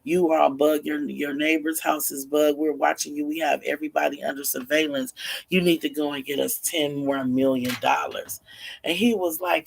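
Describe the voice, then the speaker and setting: A man's voice: fairly high pitch, moderate pace, gravelly. A man casually telling a story, acting out the voices of the people in it. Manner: animated, acts out each character's lines.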